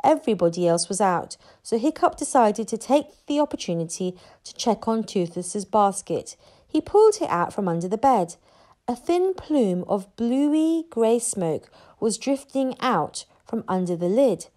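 A woman narrating a children's book aloud in an expressive storyteller manner. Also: medium pitch, measured pace.

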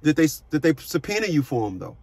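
A middle-aged man who coaches people on child support, talking forcefully on a call, cursing and repeating words as he starts sentences. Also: fairly high pitch, very animated, quick pace, no room sound. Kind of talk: phone consultation with a caller.

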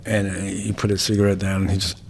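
A man's voice: sits low, little pitch movement, fast, creaky, a little hiss or hum. Emphatic man telling martial arts stories. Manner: emphatic, tags points with "right?"; repetitive rhetorical lists. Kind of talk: interview storytelling.

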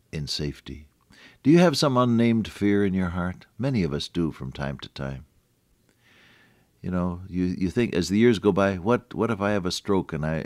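A man's voice: low-pitched, a little mellow, dry recording, clean studio sound. An older man giving a folksy, conversational radio devotional sermon and chuckling at his own jokes. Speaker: radio preacher.

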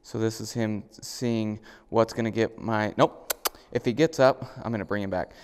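A middle-aged man, a dog trainer, explaining step by step how to train a dog, now and then praising the dog in a higher voice. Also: steady tone, normal speed, darkish tone, clean tone. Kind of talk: instructional demonstration. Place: indoors at a home, moving outside. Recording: reverberant room sound.

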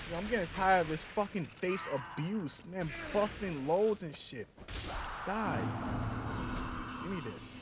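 A man giving casual gameplay commentary, cursing and trash-talking enemies, with sudden high outbursts. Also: lively intonation, unhurried, background noise. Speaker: gameplay streamer.

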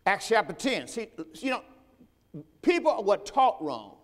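Preacher, man, high voice, call-and-response sermon, church hall reverb. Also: big pitch swings, a little slow. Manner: rises in pitch and volume when stressing a point. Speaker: pastor; host. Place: church sanctuary.

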